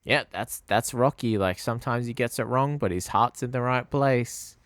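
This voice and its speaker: A man co-hosting a casual movie review podcast, talking through the film thoughtfully with halting pauses. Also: medium pitch, a bit bright. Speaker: podcast co-host.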